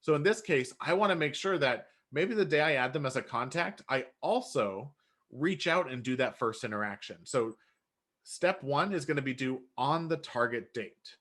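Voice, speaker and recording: Man walking through a software demo. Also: mid-range voice, normal speed. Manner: relaxed, explanatory, self-correcting. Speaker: software trainer. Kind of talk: screen-share software tutorial.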